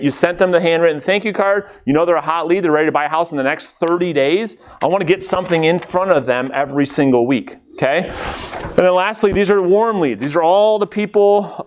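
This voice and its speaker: A man leading a live coaching session for real estate agents, energetic and conversational, checking in with the room and acting out quick bits of dialogue. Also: on the high side. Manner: acts out quick quoted dialogue.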